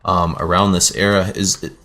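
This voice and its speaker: A man's voice: deep voice, little pitch movement, normal speed, bright, forceful tone. A man hosting a casual music talk show, rambling and correcting himself with wry asides. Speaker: podcast host; teacher.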